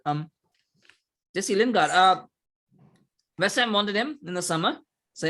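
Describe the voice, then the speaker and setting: A man hosting a casual football chat, talking quickly with lots of filler sounds. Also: high voice, pushed and bright. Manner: fast, chatty, many filler sounds. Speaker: podcast host.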